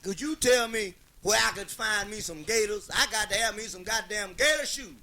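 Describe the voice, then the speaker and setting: A man's voice: high-pitched, normal speed, pushed and bright. A man voicing a brash, profane fellow who insists on getting alligator shoes, in a comedy routine. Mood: insistent.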